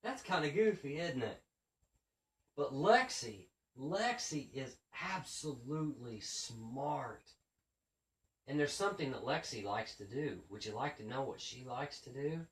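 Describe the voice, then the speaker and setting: A man's voice: medium pitch, measured pace. A man, a children's book author, casually telling stories about his school visits and acting out how he talks to the kids. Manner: animated, acts out his classroom patter to kids. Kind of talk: casual storytelling monologue. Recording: roomy sound from a distant mic.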